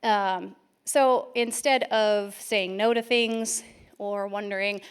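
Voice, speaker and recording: A woman giving a lightning talk at a conference, telling a story quickly and a little self-deprecatingly, with a voice that shakes from nerves. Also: medium pitch, fairly even intonation, clean tone. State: shaky voice from nerves. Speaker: conference speaker. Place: conference stage.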